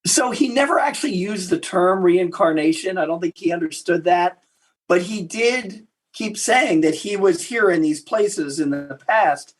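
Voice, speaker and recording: A guest historian with a husky, high male voice answers interview questions through animated anecdotes, restarting his sentences repeatedly. He speaks at a measured pace.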